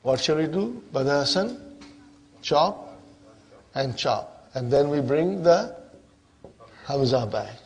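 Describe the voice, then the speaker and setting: A man's voice: a little high, animated, slow pace, creaky, pauses often. A man teaching an Arabic grammar lesson, switching between English and Arabic and often asking his class if they follow. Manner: questioning, checks understanding often.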